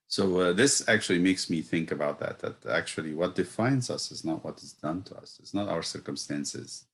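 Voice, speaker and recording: A man, a priest, teaching a reflective Bible study, pausing often with fillers and building to emphatic rhetorical questions. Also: low-pitched.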